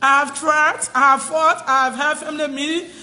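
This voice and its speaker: Her voice high, bright, and forceful, a Liberian woman talks a little fast with fairly even intonation during a phone livestream. Through tears and distress, she repeats her plea over and over. The sound carries a long reverb tail.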